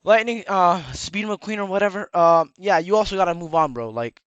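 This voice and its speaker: A man's voice: sits high, moderate pace, a bit bright, no room sound, lo-fi sound. A man giving rambling casual commentary in a lecturing tone, his slightly worn voice cracking now and then. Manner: rambling and lecturing, keeps tagging "all right?". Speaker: YouTube commentator.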